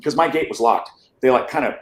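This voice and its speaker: Man, podcast guest, rambling storytelling, mid-pitched voice, echoey room. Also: fast talker. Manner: rambling, restarts with repeated words, asks "right?" often. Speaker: interview guest. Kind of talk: casual storytelling in a podcast interview.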